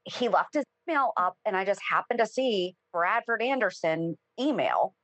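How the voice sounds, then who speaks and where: Female podcast co-host, mid pitch, chatty and quick, dry close sound. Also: sing-song, fairly bright tone, no echo. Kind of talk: casual chat.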